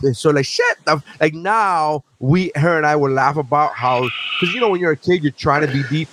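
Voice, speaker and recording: A man in his forties hosting a podcast, chatting casually with profane, animated ranting and mocking asides. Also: on the high side, quick pace, few pauses, slight background noise. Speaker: podcast host. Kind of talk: casual chat.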